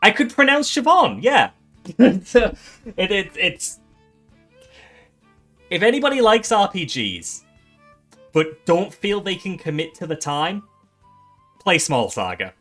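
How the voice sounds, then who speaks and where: Brief: male streamer presenting game awards, animated swings in pitch, faint music underneath. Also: takes it slowly, pauses often. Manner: excitable, swears, stumbles and restarts.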